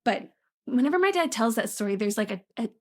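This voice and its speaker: A woman's voice: fairly high pitch, animated, quick pace. A woman co-hosting a podcast, chatting casually with lots of laughter and fillers. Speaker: podcast co-host. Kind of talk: casual chat. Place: apartment room.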